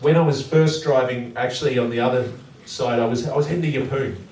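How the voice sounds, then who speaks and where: A man's voice: medium pitch, fairly even intonation, fast, darkish tone, a little hiss or hum. A man doing stand-up comedy, playful and chatty, laughing often and quizzing his audience. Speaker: guest comedian. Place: community hall. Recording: echoey hall, far mic, audience.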